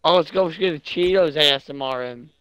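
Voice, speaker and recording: A young man live-streaming a game, loud and crude, mocking what he watches and laughing often. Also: on the high side, a little fast, smooth, no echo, dull audio. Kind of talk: casual live-stream commentary.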